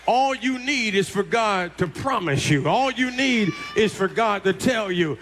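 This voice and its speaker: A man preaching a sermon with passion, often shouting and repeating phrases to the congregation. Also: sits high, animated, a little slow, hardly any pauses. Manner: impassioned preaching, frequent shouts and repetition. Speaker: pastor.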